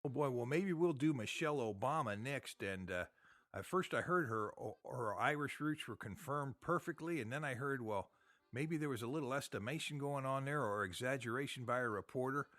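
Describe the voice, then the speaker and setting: A man's voice: mid-range voice, lively intonation, normal speed, a bit bright, no echo. A man hosting a genealogy show, talking in a folksy, chatty way with a lot of fillers. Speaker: podcast host. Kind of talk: casual chat.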